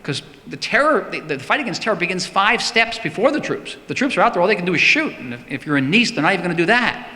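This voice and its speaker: A man's voice: high-pitched, very animated, fast, few pauses, bright, forceful tone. A man answering audience questions in a public talk, emphatic and often repeating words for stress. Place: synagogue hall. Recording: long hall reverb.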